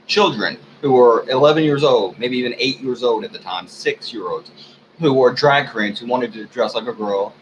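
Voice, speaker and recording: Brief: angry American man, profane unscripted rant, keeps clearing his throat, mid-pitched voice, faint hum behind. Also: fairly bright tone, poor audio. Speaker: video blogger.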